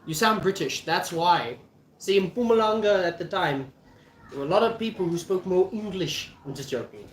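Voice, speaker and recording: Chatting to camera in a rambling, jokey style full of restarts, this young South African vlogger in his twenties sounds high-pitched and animated at a normal speed. The room echoes and there's slight background noise.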